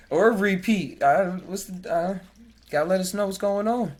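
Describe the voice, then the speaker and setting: A medium-pitched podcast host chats casually, jokes and laughs often. While reading aloud from web pages, they stumble over hard words.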